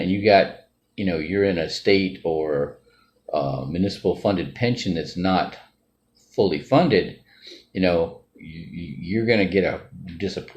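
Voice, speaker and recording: Off the cuff and rambling, a financial group member lays out his views, tacking "right?" or "all right?" onto many sentences. His voice sits low and sounds a little mellow.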